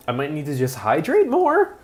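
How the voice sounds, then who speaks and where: A man live-streaming casually from home, mumbling while adjusting his audio settings, his throat rough enough that he keeps clearing it. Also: fairly low pitch. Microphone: built-in webcam or laptop mic.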